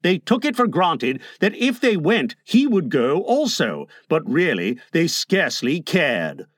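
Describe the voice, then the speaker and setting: A man narrating a storybook aloud with an expressive, lilting delivery. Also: fairly high pitch, unhurried, no room sound. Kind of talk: storybook reading.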